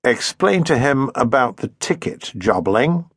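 A man voicing a brisk naval lieutenant calling out clipped orders in an audiobook. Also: mid-range voice, sing-song, slightly rough, exaggerated voice.

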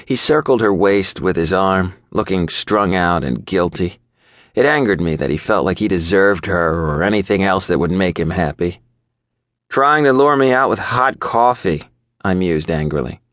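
A man narrating an audiobook in the first person, measured and even. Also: low-pitched, dry recording, studio quality. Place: studio booth.

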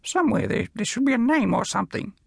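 A man voicing a chirpy, clever female macaw in an audiobook, in a high, squawky bird voice. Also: animated, quick pace, vocal fry, husky, no room sound, clean studio sound, full character voice. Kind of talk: audiobook character voice.

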